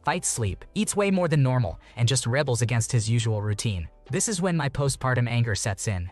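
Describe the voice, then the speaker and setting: A man reading online posts aloud in an even, steady voice and adding short comments of his own. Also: mid-range voice.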